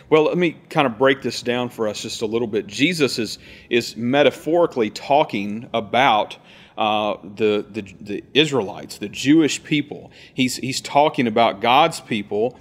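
A man preaching in a relaxed, talky way, circling back and repeating himself as he unpacks a passage. When he reads the verses aloud he slows right down and weighs each word. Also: medium pitch. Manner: conversational, explains verses with repetitions and restarts; reads scripture slowly and deliberately. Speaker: pastor. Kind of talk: sermon.

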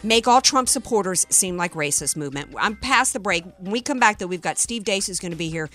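A woman's voice: medium pitch, animated, brisk, a bit bright, faint music behind. A woman hosting a talk radio show, delivering an opinionated political monologue with sarcasm and indignation into a close studio mic.

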